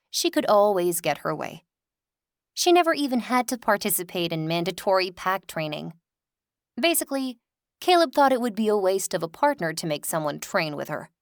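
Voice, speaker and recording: A woman reading a first-person romance audiobook with expressive, wry storytelling. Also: mid-range voice, no echo, clean studio sound. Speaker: audiobook narrator.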